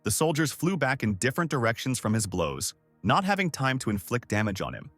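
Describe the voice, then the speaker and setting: Man, story recap narration, steady storytelling, animated pitch, dry close voice, faint background music. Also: brisk, hardly any pauses, no room sound.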